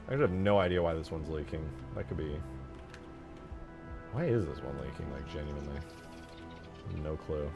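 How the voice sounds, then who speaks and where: A man streaming himself modding a game, excitable and swearing a lot, swinging from low mumbles to sudden yells. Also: moderate pace, pauses often, over music. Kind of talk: live-stream commentary.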